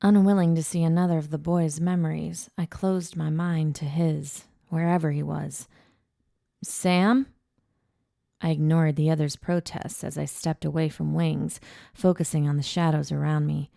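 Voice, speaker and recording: Low, gravelly woman narrating an audiobook. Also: little pitch movement, moderate pace, dark tone, no room sound, clean studio sound. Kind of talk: scripted first-person audiobook narration.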